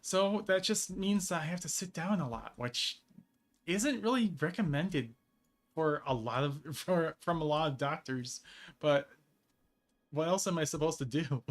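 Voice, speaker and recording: A man's voice: on the high side, expressive, measured pace. A man streaming a game and chatting casually, rambling with frequent laughs between phrases. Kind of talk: casual gameplay chat.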